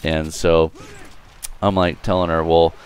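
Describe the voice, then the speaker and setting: A man's voice: low-pitched, little pitch movement, a little slow, slight background noise. A young man telling a profane, rambling story casually over gameplay commentary, full of fillers. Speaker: gaming video creator.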